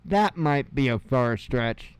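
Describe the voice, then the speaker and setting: Hosting an independent news show, a man in his fifties reads headlines aloud casually, adding sarcastic asides and chuckles. His medium-pitched voice is smooth with lively intonation, he speaks slowly, and there is no echo.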